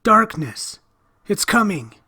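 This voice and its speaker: A man's voice: on the high side, lively intonation, unhurried, slightly rough, voice pushed up. A man voicing an eerie young boy with shining eyes, rising to frightened screams. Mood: terrified.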